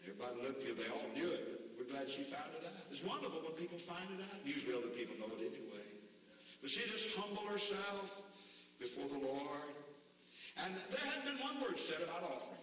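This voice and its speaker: A man preaching a folksy revival sermon, his high, bright voice swooping widely and bursting into shouts. He sounds far from the microphone, and a long, echoing reverb fills the big hall. Faint noise sits under the recording. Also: sing-song, quick pace. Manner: folksy storytelling, rising to shouted emphasis. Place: large church or convention hall. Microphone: far from the mic. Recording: distant mic in a very echoey hall with faint noise.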